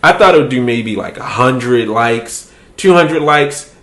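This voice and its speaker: A man's voice: mid-range voice, expressive, measured pace, fairly bright tone, reverberant. A man hosting a podcast, telling a story in casual, profane chat and laughing as he goes. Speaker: podcast host.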